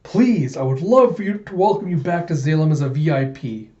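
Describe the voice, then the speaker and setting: A man's voice: on the high side, animated, fairly quick, darkish tone, lightly acted. A man voicing a smug, childish mad scientist who gets giddy over dessert, in a roomy, dull lo-fi recording. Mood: gloating.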